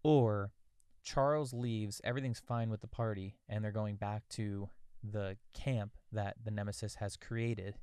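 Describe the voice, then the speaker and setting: A man's voice: on the low side, fairly even intonation, a little slow, a little mellow, clean tone, no echo, clean studio sound. A young adult man co-hosting a podcast, rambling and thinking aloud while brainstorming a story. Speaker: podcast co-host. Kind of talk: casual brainstorming chat.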